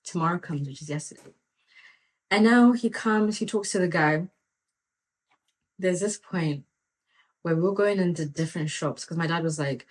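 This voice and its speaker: A woman hosting a podcast, telling stories in a lively, conversational way and often dropping "like" and "you know" as she talks about faith. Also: lowish voice, normal speed, long pauses. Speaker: podcast host and faith mentor. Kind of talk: casual faith talk with storytelling.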